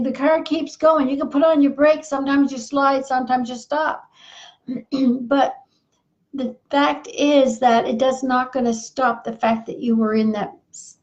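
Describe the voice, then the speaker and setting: A woman's voice: a little high, a little mellow, muffled recording. A woman coaching couples in an earnest, repetitive, folksy monologue while losing her voice. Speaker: marriage coach. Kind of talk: advice monologue.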